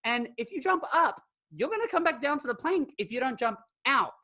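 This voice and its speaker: A man's voice: very high voice, fairly quick. Chatty man hosting a fan podcast. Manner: animated, chatty, lots of "like" fillers. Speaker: podcast host. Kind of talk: casual chat.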